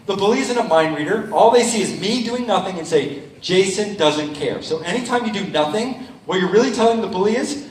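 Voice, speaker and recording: Man, school performer, high voice, upbeat, echoey hall heard from a distance. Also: fairly quick, slight background noise. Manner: upbeat, quizzes the crowd, acts out quoted lines. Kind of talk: talking to a school audience.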